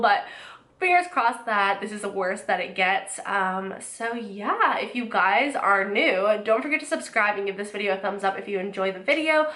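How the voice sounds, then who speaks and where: A woman's voice: mid-range voice, animated, normal speed, sharp tone, roomy sound. A young woman with a stuffy, nasal voice from a cold, chatting casually through a makeup tutorial with lots of restarts. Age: young adult. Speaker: beauty vlogger.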